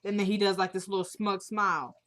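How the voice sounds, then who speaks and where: A woman's voice: mid-range voice, fairly even intonation, a little fast, a bit bright. A woman in a casual vlog, chattily retelling a TV episode and acting out the characters' lines as she goes. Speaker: TV recap vlogger.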